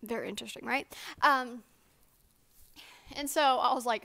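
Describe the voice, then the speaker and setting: A teenage girl telling a rambling, animated story to camera in a storytime vlog. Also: a little high, moderate pace, gravelly, no room sound. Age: teens. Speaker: vlogger. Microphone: own microphone.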